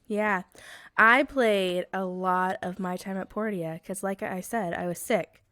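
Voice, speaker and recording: A woman's voice: mid-range voice, sharp tone, no room sound, clean studio sound. A woman co-hosting a gaming podcast in a chatty, bubbly way, her voice worn by a cold. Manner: chatty and bubbly, quick to laugh. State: sick, hoarse voice. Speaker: podcast co-host. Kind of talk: casual chat.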